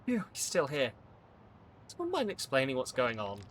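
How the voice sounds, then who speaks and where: Lively man streaming a game. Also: mid-range voice, moderate pace. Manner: lively, animated, thinking aloud. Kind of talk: live gameplay stream, reading dialogue aloud.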